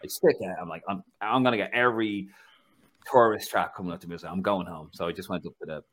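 A man with a Dublin Irish accent hosting a casual football podcast, telling stories with laughter and a chatty, animated manner. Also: deep voice, fast talker. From Ireland. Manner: chatty storyteller, laughs through anecdotes. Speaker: podcast host.

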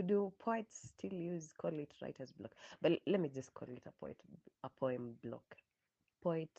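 A woman's voice: a bass voice, warm tone, no echo. A woman with a Kenyan accent hosting a podcast in casual, chatty talk that mixes in Swahili slang. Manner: chatty, mixing English and Swahili slang, laughing often. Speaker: podcast host. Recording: dull lo-fi dry sound.

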